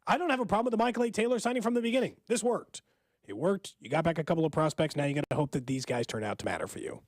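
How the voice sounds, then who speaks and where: A man's voice: a little high, lively intonation, racing, dry recording. A man co-hosting a sports radio show, opinionated and thinking aloud as he talks. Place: radio studio. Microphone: studio microphone.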